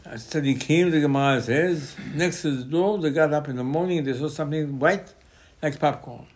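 A man's voice: a little high, fairly quick. A man, a rabbi giving an informal Torah class in choppy English with lots of repetition. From Israel. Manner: choppy non-native English with many repetitions.

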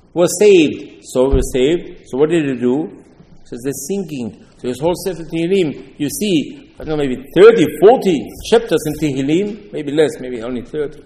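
A man's voice: fairly high pitch, mellow, long reverb tail. A man giving an informal Torah sermon, repeating his points and quoting Hebrew terms. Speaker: rabbi.

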